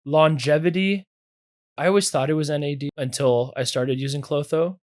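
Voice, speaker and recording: A man in casual podcast conversation, relaxed and anecdotal, often laughing. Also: fairly high pitch, moderate pace, no echo, clean studio sound.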